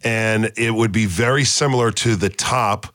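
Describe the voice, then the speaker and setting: Low-voiced man teaching Bible study. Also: steady tone, normal speed, fairly bright tone, no echo, studio quality. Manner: quizzes the group with questions and repeats key words. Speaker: Bible teacher leading discussion. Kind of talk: casual Bible study podcast.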